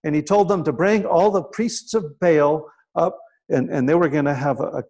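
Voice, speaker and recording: Guy preaching, kinda high voice, tells bible stories, keeps asking "right?". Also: moderate pace. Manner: storytelling preaching, dropping to a hushed voice for quiet moments; frequent "right?" asides to the congregation. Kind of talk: sermon.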